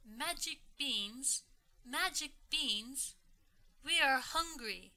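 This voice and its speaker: A woman's voice: on the high side, expressive, slow pace, sharp tone, heavily acted. Woman doing a stern hungry storybook mother. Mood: angry. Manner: scolding, firm.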